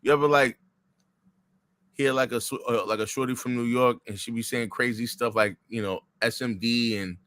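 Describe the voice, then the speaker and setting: A man's voice: medium pitch, steady tone, moderate pace, a bit bright. A man co-hosting a boxing podcast, chatting casually and hesitantly with lots of fillers. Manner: hesitant, filler-heavy, laid-back. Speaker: podcast co-host. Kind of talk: casual chat.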